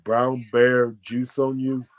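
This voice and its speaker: An American man, a former fighter, telling a profane, boastful story as a guest and breaking into loud shouted quotes. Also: mid-range voice, little pitch movement, takes it slowly, dull audio. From United States. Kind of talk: animated storytelling.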